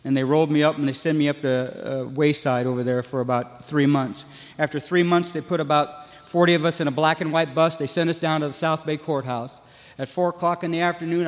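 A man telling his own recovery story to a meeting, rambling with lots of "you know" and restarts, and acting out the voices of people he met. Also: a little high. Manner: acts out other people's voices. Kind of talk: personal recovery story told to a room. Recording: long hall reverb.

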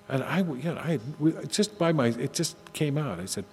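An older man telling personal stories to an audience in a conversational way, often halting and restarting his sentences. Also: mid-range voice, sing-song, a little mellow. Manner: halting, with frequent restarts and asides. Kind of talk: conversational storytelling talk. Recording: long hall reverb, faint hum.

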